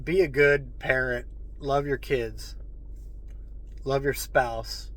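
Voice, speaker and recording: A man's voice: mid-range voice, fairly even intonation, slow, fairly bright tone, rough recording. A man hosting his own channel, speaking earnestly and repeatedly calling his listeners folks, at times choked up with emotion. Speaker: host. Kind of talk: heartfelt monologue to viewers.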